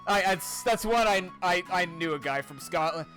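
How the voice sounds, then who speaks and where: Man, gaming streamer, rambling casual commentary, lively bright voice, faint game music. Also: fairly high pitch, moderate pace. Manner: rambling, animated, self-mocking. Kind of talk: casual let's-play commentary.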